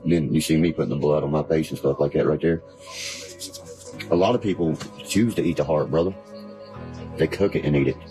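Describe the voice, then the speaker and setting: Man, very deep voice, casual livestream rant, swearing, rambling, music in the background. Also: normal speed, pauses often, mellow. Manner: profane, rambling, keeps asking "you see what I mean".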